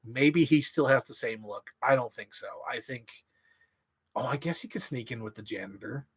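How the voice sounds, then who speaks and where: A man in an excited, rambling monologue, swearing freely and filling his talk with "like". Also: mid-range voice, normal speed, husky. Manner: enthusiastic, profane, filler-heavy. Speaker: channel host.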